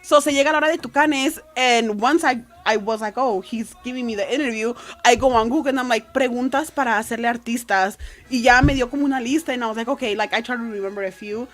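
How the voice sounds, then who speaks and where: A woman's voice: a little high, fast talker. A woman, a podcast guest telling long casual anecdotes with plenty of fillers. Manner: chatty, code-switching anecdotes with many fillers.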